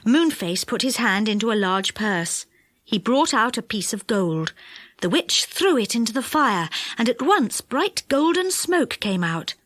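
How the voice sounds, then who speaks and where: A woman narrating a children's storybook audiobook with lively, expressive delivery. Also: a little high, unhurried, no room sound. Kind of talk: storybook reading. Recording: dry close studio sound.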